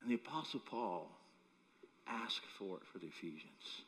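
A man preaching with humor, breaking into chuckles as he tells his stories. His pitch swings widely as he speaks, and his voice rings with the long reverb of a large hall. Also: normal speed, a little hiss or hum. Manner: animated, humorous storytelling with chuckles. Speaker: pastor. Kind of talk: sermon. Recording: echoey hall.

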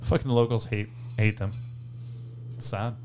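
A man's voice: fairly low pitch, a little slow, slight background noise. A man co-hosting a podcast, trading crude, casual banter, swearing freely and laughing often. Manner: profane, animated, laughs often. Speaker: podcast co-host.

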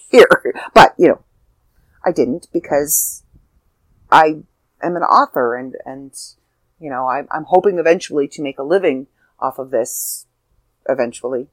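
A woman's voice: sits low, no room sound, rough recording. An older woman, an author, telling a heartfelt personal story in a casual, rambling way with fillers and restarts.

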